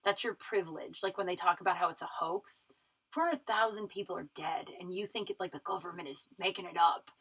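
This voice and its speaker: A woman's voice: fairly low pitch, fairly quick, fairly bright tone, slightly rough, poor audio. Swearing, emphatic woman podcaster. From Colorado, USA. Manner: profane, emphatic, with frequent fillers and restarts. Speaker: podcast host. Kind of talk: casual solo podcast monologue.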